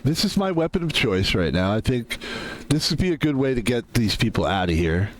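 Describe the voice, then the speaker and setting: A male streamer talking through his game in a loose, rambling way, breaking into jokes and laughs. His pitch swings around a lot as he talks, and there is faint background ambience. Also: sing-song, brisk, slight background noise. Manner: rambling, laughing, joking asides. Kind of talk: casual gameplay commentary.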